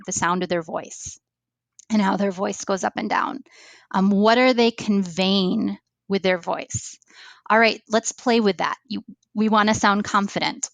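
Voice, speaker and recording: A woman's voice: medium pitch, no room sound. A middle-aged woman from the United States, a language trainer explaining teaching ideas in a podcast interview, thoughtful, with many fillers and restarts. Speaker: ESL training coordinator, guest.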